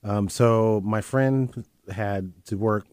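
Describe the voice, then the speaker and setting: A very deep, mellow-voiced man, heard dry and close as he earnestly recounts his life. He talks candidly and keeps circling back over his own phrases. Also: slow, clean tone, dry recording. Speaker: interview guest. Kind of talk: telling his life story.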